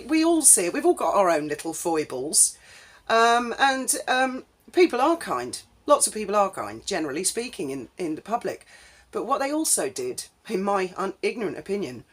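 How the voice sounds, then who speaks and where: A woman's voice: fairly low pitch, breathy edge. A woman, telling a casual story in a chatty, rambling way full of ums. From England. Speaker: vlogger.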